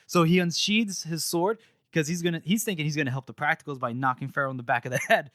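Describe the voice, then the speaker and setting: A young man co-hosting a podcast, retelling a book chapter in casual chat, animated and laughing as he acts out lines. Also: fairly high pitch, quick pace, dry recording, studio quality.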